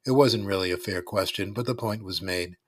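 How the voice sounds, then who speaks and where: Low-voiced man with wry narration. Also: brisk, breathy edge, dry recording, studio quality. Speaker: storyteller. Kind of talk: scripted first-person narration.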